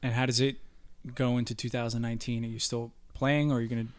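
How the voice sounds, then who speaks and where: Fast-talking man hosting a podcast. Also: mid-range voice, level tone, smooth. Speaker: podcast host. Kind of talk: casual interview questions.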